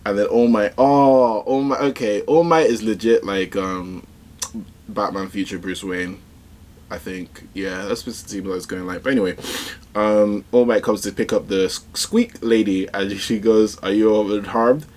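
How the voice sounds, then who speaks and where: A man giving casual, excitable reaction commentary on a manga chapter, rambling with slang and fillers. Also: lowish voice, normal speed.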